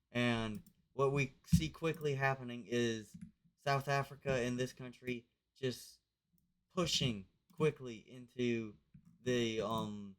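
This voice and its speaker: A man narrating a map game casually, loose and rambling with lots of fillers. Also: mid-range voice. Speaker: video narrator.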